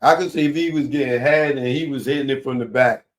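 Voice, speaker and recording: A man hosting a commentary show, reacting to a news story with loud, drawn-out incredulous exclamations and bursts of laughter. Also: medium pitch.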